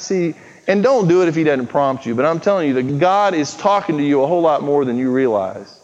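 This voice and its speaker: A pastor preaching an earnest, urgent sermon, acting out quoted prayers and conversations. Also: male voice, on the high side, expressive, fast talker, darkish tone. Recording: muffled, with long hall reverb.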